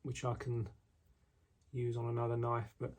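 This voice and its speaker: A man casually showing the knives he makes, talking in a relaxed way with frequent ums and restarts, indoors in his workshop. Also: medium pitch, moderate pace. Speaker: knife maker. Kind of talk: casual product walkthrough.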